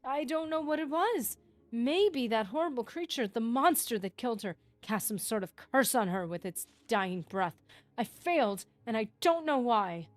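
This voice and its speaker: A woman's voice: medium pitch, moderate pace, no echo, natural voice. A woman voicing a lovesick, obsessive male mage scholar, pleading and ranting as she reads a game book aloud. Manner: pleading, rising into a rant.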